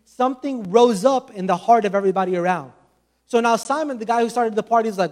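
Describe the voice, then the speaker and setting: Man, very high voice, passionate preacher, conversational sermon, casual asides. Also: lively intonation, fast talker, a little mellow.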